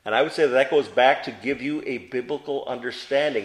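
A man's voice: mid-range voice, very animated, fast, hardly any pauses. A man teaching a Bible study to a group, asking them questions and answering them himself, with emphatic stress on key words.

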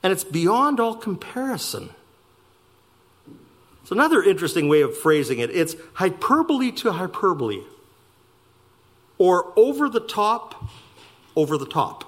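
A man preaching a sermon, slowing down to stress key words and speeding through asides. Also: sits high. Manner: animated preaching, slowing for emphasis and rushing asides. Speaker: pastor.

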